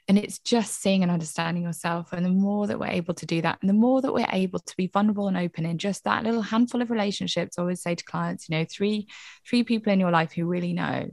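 A woman's voice: medium pitch, fairly even intonation, quick pace, gravelly, darkish tone, dry recording, clean studio sound. A woman, a therapist and mother, talking candidly and earnestly in a reflective podcast conversation, often saying "you know".

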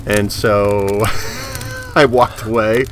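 A man's voice: lowish voice, very slow, slight background noise. A man telling a casual story and acting out the dialogue. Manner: animated, acts out the dialogue.

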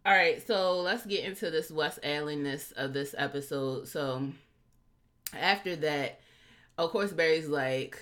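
Woman, podcast co-host, casual TV recap chat, slightly low voice, animated, acts out quotes. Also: a little slow. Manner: animated, acts out quotes with big pitch jumps.

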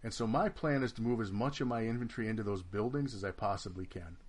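A man's voice: fairly low pitch, quick pace. Man swearing through a game story. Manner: swears freely, animated storytelling that acts out both sides of the argument. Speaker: podcast co-host recounting a game. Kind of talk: casual chat.

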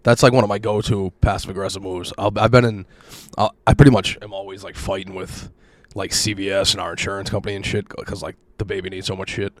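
A man hosting a podcast, telling rapid, profane stories and shouting when he quotes himself. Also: low voice, fairly even intonation, no room sound. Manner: rapid, swearing storyteller, loud bursts when quoting himself. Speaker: podcast host. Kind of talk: casual profane chat.

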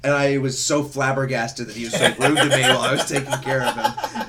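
A young man chatting casually, telling profane, animated stories with bursts of laughter. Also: medium pitch, fast talker. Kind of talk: casual chat.

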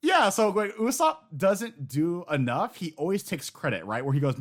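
A man casually discussing anime on a podcast, lively and laughing often. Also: high-pitched, normal speed. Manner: animated, laughs often, acts out quotes.

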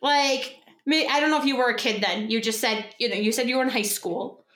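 Young female co-host, slightly high voice, chatty, filler-heavy advice talk. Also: fairly quick, a bit bright, echoey room. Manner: chatty storyteller, lots of fillers and acted quotes. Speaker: podcast co-host. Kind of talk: casual advice chat.

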